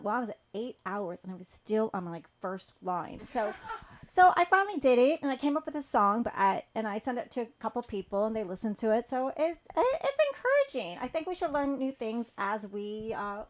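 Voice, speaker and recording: A woman telling a rambling stand-up story at an open mic in a small comedy club, halting with fillers. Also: a little high, expressive.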